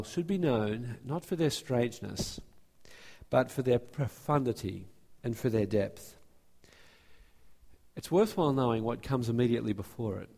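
Earnest pastor in a reverberant church. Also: male voice, medium pitch, creaky, a little mellow. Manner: earnest, restarts phrases, speeds up and slows down. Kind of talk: sermon with church announcements. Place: church sanctuary. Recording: long hall reverb from a church.

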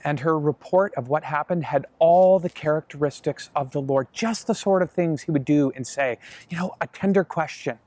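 A man's voice: fairly high pitch, moderate pace, few pauses, a little mellow, no room sound, lightly acted. A man playing an earnest male disciple, speaking straight to the audience in a chatty first-person monologue. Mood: explaining. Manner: conversational, earnest, addresses listeners directly.

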